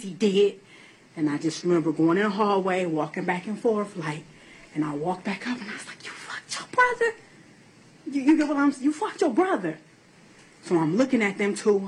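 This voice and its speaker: A woman's voice: fairly low pitch, breathy edge, rough recording. A woman giving courtroom testimony, telling her account in a blunt, profane, emotional way. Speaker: defendant in court.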